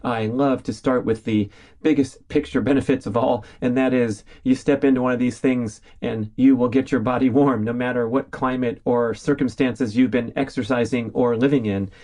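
A man's voice: medium pitch, steady tone, moderate pace, warm tone. A middle-aged man from California hosting a solo podcast in an upbeat, chatty, enthusiastic way. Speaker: podcast host. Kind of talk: casual solo podcast monologue.

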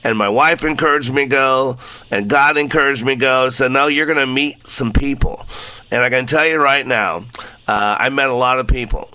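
A man hosts an inspirational radio talk show with bright, forceful energy. He speaks in a folksy, upbeat way, laughing often and leaning on "uh" fillers. The sound is dry and close, with no room in it. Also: mid-range voice, dry recording. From Texas.

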